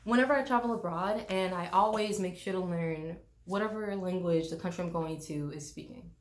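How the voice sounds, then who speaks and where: A woman's voice: fairly low pitch, fairly quick. A young woman from the United States, a travel vlogger, ranting bluntly and swearing freely, mocking people with put-on voices. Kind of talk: casual ranting vlog.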